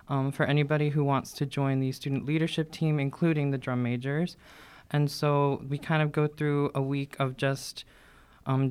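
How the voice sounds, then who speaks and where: Teen boy guest, matter-of-fact, smooth and flat-toned. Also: medium pitch. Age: teens. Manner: matter-of-fact, even delivery with "um"s. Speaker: student drum major guest. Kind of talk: casual interview answers.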